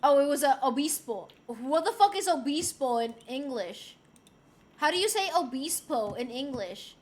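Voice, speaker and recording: A woman from Rico, chatting casually on a live stream. She is excitable and swears freely. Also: high-pitched, moderate pace, slight background noise. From Puerto Rico.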